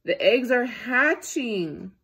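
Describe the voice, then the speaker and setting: A woman voicing a calm, helpful male pig friend, reading a picture book aloud to children in a husky voice. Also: on the high side, takes it slowly, voice pushed up, exaggerated voice. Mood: wondering. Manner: patient, reassuring advice.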